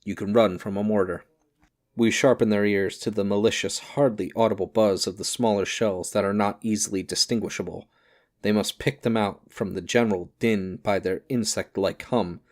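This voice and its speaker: Low-voiced man reading a grave novel. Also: fairly even intonation, moderate pace, a little mellow. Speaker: audiobook reader. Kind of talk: solemn audiobook narration.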